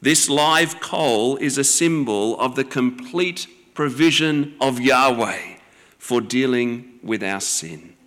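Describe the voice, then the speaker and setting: Guy preaching real slow in a church, pauses a lot, voice hangs in a long echo. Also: mid-range voice, a bit bright. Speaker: pastor. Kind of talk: sermon.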